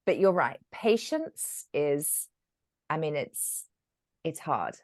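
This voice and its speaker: Female dating coach, slightly low voice, encouraging, conversational guest. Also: slow. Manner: encouraging, advice-giving, animated. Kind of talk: casual podcast conversation.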